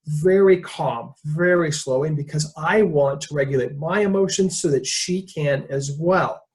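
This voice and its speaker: Presenting a leadership webinar, a man tells stories conversationally, joking and acting out quotes. His voice sits on the high side, a little slow and a little mellow.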